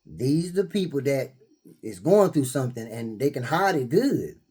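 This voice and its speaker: This spiritual vlogger has a medium-pitched, slightly rough voice and takes his time. Laughing and animated, he mixes everyday stories with quoted scripture in a casual preaching manner.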